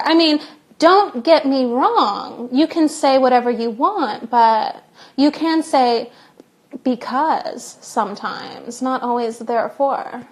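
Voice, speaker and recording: A young woman chats in a casual live-stream Q&A, recorded on a phone. Her voice sits high. She talks playfully, cracks jokes and reads questions from viewers aloud. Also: slow. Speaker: English teacher hosting a live Q&A.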